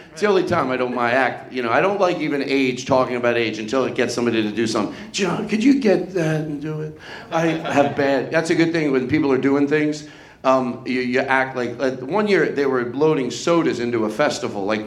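A man's voice: medium pitch, a little fast, echoey room. A man, a comedian hosting a live podcast before an audience in a hotel event room, chatting and rambling in self-mocking stand-up banter.

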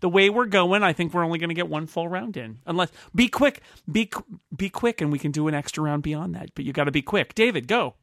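A man hosts a loose, jokey panel chat and calls on each guest in turn. His voice is gravelly with a bright, forward edge, a bit higher than most men. The sound is dry and close. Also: lively intonation, quick pace, no echo. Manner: jokey, laughs often, calls on others. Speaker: host.

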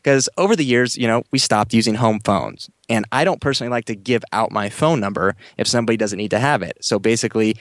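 A man's voice: medium pitch, dry recording. A man co-hosting a podcast, eagerly explaining security tips in casual chat with repeated phrases. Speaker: podcast co-host. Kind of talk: casual tech advice chat.

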